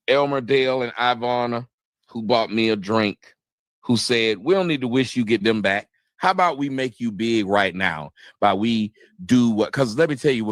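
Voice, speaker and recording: A man's voice: medium pitch, dry recording. Hesitant male streamer, dry mic. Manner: hesitant, repeats words, then heated. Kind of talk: casual live-stream talk.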